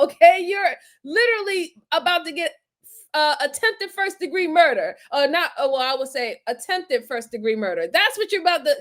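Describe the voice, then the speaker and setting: A woman with a high, bright voice gives casual reaction commentary. She is blunt and openly exasperated, and she swears freely. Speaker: reaction video host.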